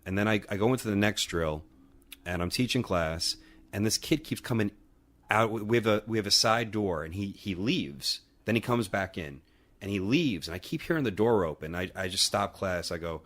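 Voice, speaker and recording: A man's voice: low-pitched, moderate pace. A man co-hosting a podcast, telling a rambling, profane story in casual chat. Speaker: podcast co-host and wrestling trainer.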